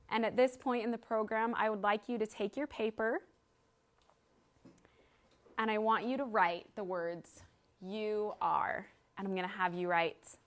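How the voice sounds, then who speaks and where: A woman's voice: medium pitch, fairly bright tone. A woman in her thirties giving an earnest talk to a live audience, telling a story and guiding them through an exercise. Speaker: speaker at a library event.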